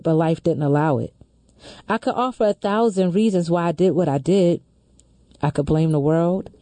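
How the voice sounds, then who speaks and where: A woman host reading a letter aloud slowly and earnestly, then discussing it on a talk show. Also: on the low side, mellow, no echo.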